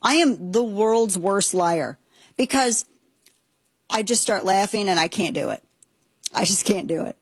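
A woman's voice: medium pitch, expressive, a little slow, pauses often, husky, no room sound. A woman hosting a talk show, giving indignant, sarcastic commentary with plenty of emphasis. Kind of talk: opinionated commentary.

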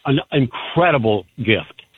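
A man's voice: mid-range voice, lively intonation, unhurried, breathy edge, no echo. A man calling in to a radio talk show, proud and grateful as he talks about his family. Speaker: caller. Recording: tinny phone line.

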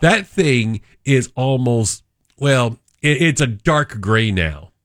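A man in his fifties hosts a talk radio show from a studio mic. His pitch swings widely as he spins a story, and the sound is close and dry. He jumps high when acting out other people's lines. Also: slow, dry recording. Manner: animated storyteller, acts out voices with pitch jumps. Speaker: radio host filling in. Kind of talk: casual radio chat and storytelling. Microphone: studio microphone.

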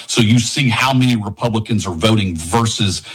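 A man running for Congress, a radio show guest making an earnest, urgent get-out-the-vote pitch. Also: normal speed, fairly bright tone, poor audio. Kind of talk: campaign pitch on a call-in.

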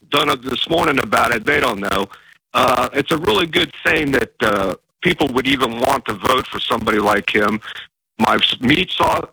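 A man's voice: mid-range voice, gravelly, sharp tone, husky, no echo, rough recording. A man from Virginia calling in to a talk radio show, chatty and indignant. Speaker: caller. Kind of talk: call-in chat.

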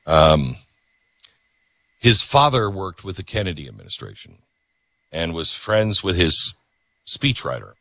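A man hosting an opinionated talk show with a lively, swinging delivery and plenty of sarcasm. His voice is bright and a little husky, close and dry in the studio. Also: sits low, measured pace, long pauses, no echo. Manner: animated, sarcastic, ranting. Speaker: radio talk host.

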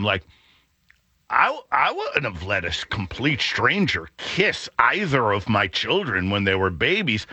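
A middle-aged man hosting a radio show, telling a rambling story with many fillers and an animated, booming way of talking. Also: unhurried, breathy edge, dry recording. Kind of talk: storytelling chat.

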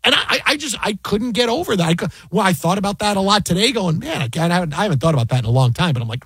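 A man who works as a sports broadcaster, casually recounting a work story in an animated, exasperated way. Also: sits high, fast, husky, no room sound. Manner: animated, exasperated retelling with repeated asides. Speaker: fantasy football broadcaster.

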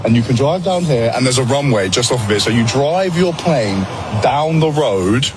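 A man's voice: mid-range voice, lively intonation, normal speed, background noise. A man from the UK talking in an amazed, exclamatory way in a travel vlog.

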